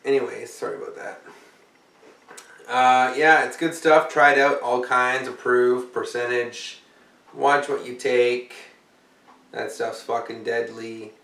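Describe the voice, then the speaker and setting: A tired man rambles slowly through a casual vlog, cursing and cracking jokes as he goes. His voice sits back from the mic and echoes around the room. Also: mid-range voice, steady tone, creaky, pushed and bright. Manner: rambling, profane and jokey. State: tired, yawning. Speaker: vlogger. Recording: roomy, mic far off.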